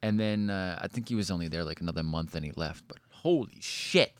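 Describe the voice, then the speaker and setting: A man telling a story in casual chat, animated and full of swearing, likes and restarts. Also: deep voice, brisk, clean tone, dry recording.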